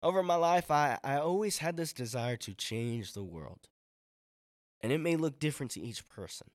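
A man's voice: fairly high pitch, expressive, moderate pace, dry recording. Casual-talking man preaching, dry sound. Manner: conversational, uses casual slang like "bro" and "man"; acts out quoted friends in voices. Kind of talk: sermon.

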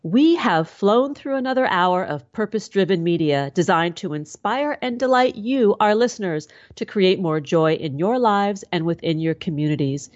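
A woman's voice: mid-range voice, expressive, moderate pace, few pauses, no echo. A woman hosting a talk show, chatting with enthusiasm. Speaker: host. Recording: dry, dull lo-fi sound.

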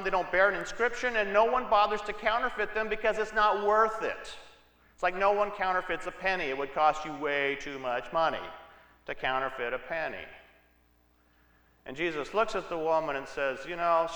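A man's voice: high voice, bright, forceful tone. A man preaching a sermon, telling Bible stories in a conversational way with asides to the congregation. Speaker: pastor. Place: church sanctuary. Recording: echoey church hall.

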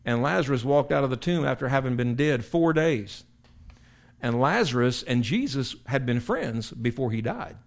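A man's voice: mid-range voice, lively intonation, moderate pace, gravelly. Emphatic older man teaching scripture. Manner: conversational and emphatic, with frequent repetitions and restarts. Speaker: pastor teaching a Bible study. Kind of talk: sermon-style Bible teaching.

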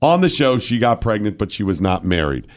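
Lively sarcastic male talk radio host. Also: on the low side, brisk. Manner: animated, sarcastic, rambling. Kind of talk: political talk radio banter.

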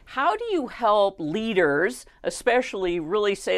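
A woman's voice: medium pitch, animated, unhurried, few pauses. A woman hosting an interview who asks long, thoughtful questions. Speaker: interview host. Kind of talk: conversational interview.

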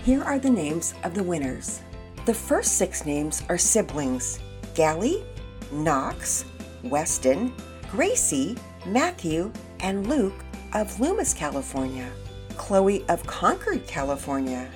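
A woman hosts a program and reads a children's story aloud in a clear, storytelling manner. Her voice sits a little low and swings widely as she animates the tale. Faint music plays underneath. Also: big pitch swings, slow. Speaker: storyteller and host.

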